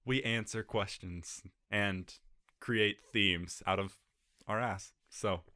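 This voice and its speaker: A man with a fairly low voice hosts a relaxed podcast conversation. He giggles often and keeps a loose, chatty delivery. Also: takes it slowly. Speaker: podcast host. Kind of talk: casual chat.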